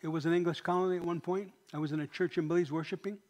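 A man's voice: fairly high pitch, fairly even intonation, very fast, a little mellow. A man, a pastor, preaching a sermon in a church, emphatic and often asking the congregation questions.

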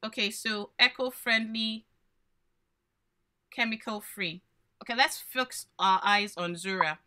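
A woman's voice: medium pitch, takes it slowly, bright, forceful tone. A woman coaching small business owners in a live workshop, explaining by posing questions and then answering them. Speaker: branding coach.

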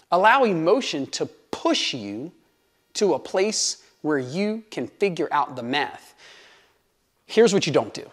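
An American man, a real estate coach, giving an emphatic motivational monologue that repeats its key points. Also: fairly high pitch.

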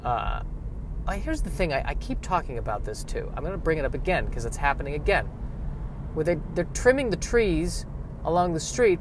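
Male podcast host, solo comic monologue, dry self-mocking asides, a touch high, recorded in a car with faint traffic. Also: fairly quick. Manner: deadpan, self-deprecating, wandering asides. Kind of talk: rambling solo comedic monologue. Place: in a vehicle by the street.

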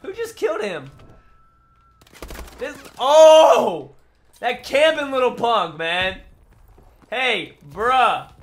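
Excitable high-voiced young man gaming. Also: slow pace. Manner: excitable, trash-talking, frequent laughter. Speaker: gaming YouTuber. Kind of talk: live gameplay commentary.

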